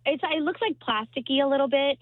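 A woman's voice: high voice, no room sound. Teacher woman calling in over a tinny phone. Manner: earnest, a little halting. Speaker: third grade teacher, caller. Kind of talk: casual phone call on radio. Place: parked car at school.

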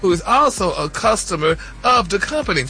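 High, bright man dishing celebrity gossip with sass, radio show, faint music under. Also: big pitch swings, a little fast. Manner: sassy, sprinkles "honey" and "y'all". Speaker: celebrity news host.

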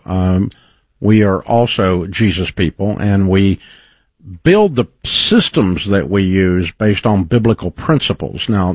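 A man's voice: on the low side, breathy edge, dry recording. A man hosting a call-in advice show, talking in an encouraging, folksy, faith-based coaching way, with studio mic sound. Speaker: radio show host.

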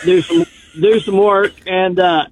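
A man's voice: high-pitched, steady tone, a little slow, slight background noise. A man calling in to a radio show, telling a story in a folksy, rambling way. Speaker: radio caller. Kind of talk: casual storytelling on a call-in show. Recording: tinny phone line.

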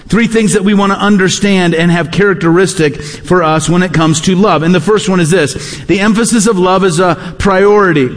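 Emphatic high-voiced pastor in a reverberant hall. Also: male voice. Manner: emphatic preaching with repeated key words. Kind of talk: sermon. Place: large church hall.

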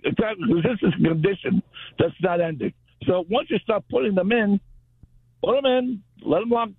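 A man's voice: sits high, creaky, slightly rough, no room sound. A man calling in to a talk radio show, talking in an emphatic, folksy way over a tinny phone line.

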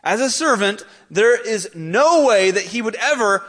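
A man's voice: high voice, lively intonation, measured pace, a bit bright, husky. A male pastor preaching a sermon in an earnest, emphatic way, lifting his voice on key points.

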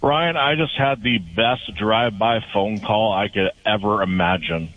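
A man's voice: on the low side, unhurried. Chatty man on a muffled phone line. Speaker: caller. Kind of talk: casual phone call.

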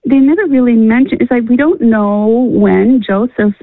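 Woman caller, gravelly voice, tinny phone line, hesitant and chatty. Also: fairly high pitch, moderate pace, no room sound. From Illinois. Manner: hesitant, laughing, restarts often. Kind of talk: phone-in conversation.

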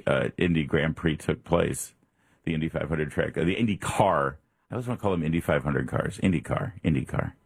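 A man's voice: low voice, gravelly, breathy edge, dry recording. A man hosting a morning talk radio show, talking casually and rambling with fillers and restarts. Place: radio studio.

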